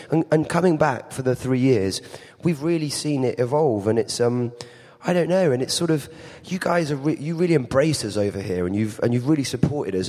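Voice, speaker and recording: A man's voice: medium pitch, darkish tone, in a large hall. A man with an English accent, chatting casually as an actor guest, rambling and restarting his sentences. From England. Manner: rambling, self-interrupting, laughs often. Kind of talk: casual interview chat. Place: convention venue.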